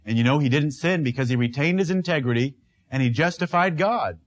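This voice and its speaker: A man with a high voice preaches a sermon. He delivers it emphatically, hammering home a repeated line. He also asks his listeners direct questions. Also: fairly quick. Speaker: pastor.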